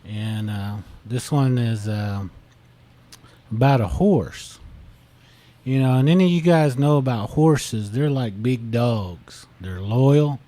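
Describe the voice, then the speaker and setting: A man with a warm, mellow tone speaks slowly and unhurriedly. He tells a story in a relaxed podcast manner, sprinkling "you know" through almost every thought. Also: medium pitch. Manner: slow, repeats "you know" often. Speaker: podcast co-host. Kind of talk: casual storytelling.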